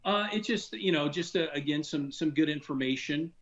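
Speaking at normal speed with a fairly high, fairly bright voice, a male ex-insider guests on a radio show as a financial advisor. He's casual, earnest, and frustrated, restarting often and leaning on fillers, while the recording loses its highs.

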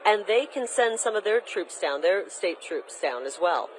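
A woman candidate answers an interviewer in a firm, combative tone. Her pitch sits in an ordinary middle range. A faint ambient hum runs under her voice. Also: animated, moderate pace, poor audio. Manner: emphatic, combative, delivers campaign talking points. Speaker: candidate for governor, interview guest. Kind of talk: political interview.

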